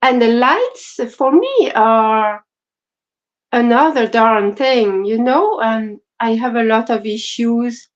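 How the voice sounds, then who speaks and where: A woman co-hosts a livestream chat in a slow, earnest and measured way, stopping for fillers as she talks. Her voice sits a little high, and the stream audio is dull and lo-fi. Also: expressive. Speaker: co-host.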